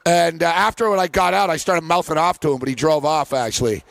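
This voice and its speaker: A man hosting a sports betting show, telling stories in casual chat with lots of fillers and animated delivery. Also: on the high side, fast, gravelly, no room sound. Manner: animated storyteller, many fillers.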